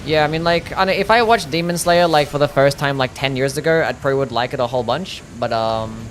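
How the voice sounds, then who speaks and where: A man's voice: medium pitch, fast talker, slight background noise. A young man streaming a game live, talking casually, swearing and reading chat aloud. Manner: laid-back, swears, reads chat aloud. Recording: faint music behind.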